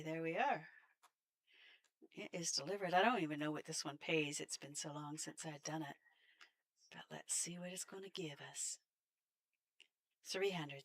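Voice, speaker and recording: A woman's voice: lowish voice, creaky, fairly bright tone. A Canadian woman with a Canadian accent, chatting casually while playing a game and talking to the enemies on screen. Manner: chatty, laughs often, talks to enemies. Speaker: game streamer. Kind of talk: casual gameplay commentary.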